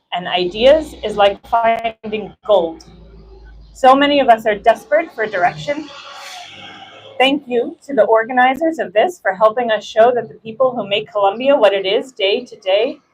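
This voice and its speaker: American woman at a rally, fired up, repeating lines for punch, bit high voice. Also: breathy edge, lo-fi sound. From United States. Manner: emphatic, repetitive build-ups. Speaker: rally speaker. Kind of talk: impassioned speech.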